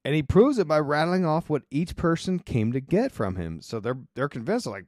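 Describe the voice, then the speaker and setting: A man hosting a podcast, retelling a story in a casual, colloquial way with wry asides and quick restarts. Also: fairly high pitch, very animated, a little mellow, dry recording, clean studio sound. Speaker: podcast host.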